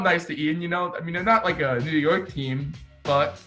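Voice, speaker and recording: A young man with a fairly high voice chats about basketball as a podcast co-host. He rambles and gets worked up, his pitch jumping around, and there is faint music behind him. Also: normal speed. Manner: excitable, rambling, many "like"s. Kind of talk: casual sports chat.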